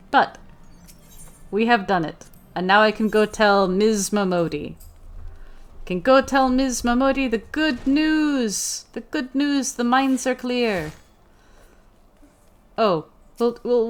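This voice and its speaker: A woman's voice: on the high side, takes it slowly. A woman doing let's play commentary in character, playful and theatrical, often repeating her own lines.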